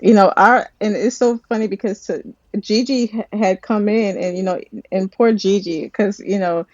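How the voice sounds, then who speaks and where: Woman, script supervisor, lively storyteller, restarts sentences, dry close sound. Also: medium pitch, moderate pace, dry recording, muffled recording. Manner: animated storytelling, many restarts. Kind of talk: casual interview chat.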